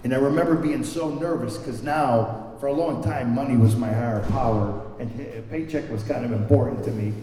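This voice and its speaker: A man's voice: mid-range voice, normal speed, hardly any pauses, warm tone, slight background noise. A man speaking candidly and self-deprecatingly at a recovery meeting, telling a personal story and often repeating words as he searches for them. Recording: echoey hall recorded from far off.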